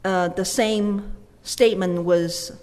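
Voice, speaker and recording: A woman interpreting a sermon live, quick phrases with fillers and self-corrections. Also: medium pitch, steady tone, darkish tone, long reverb tail.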